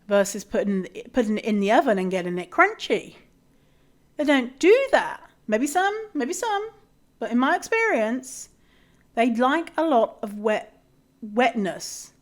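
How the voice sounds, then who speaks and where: A British woman hosting a podcast, talking in a casual, animated rant with swearing and mock outrage. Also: medium pitch. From Britain. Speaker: podcast host. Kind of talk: casual ranting monologue.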